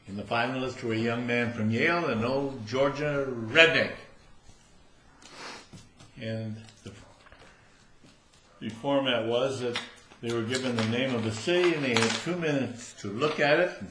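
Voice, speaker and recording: A man's voice: mid-range voice, measured pace. Older man telling jokes in an echoey room. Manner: storytelling, laughing at own punchlines. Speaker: amateur joke teller. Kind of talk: live joke telling. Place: room at a social club after bridge. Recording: roomy room with faint noise.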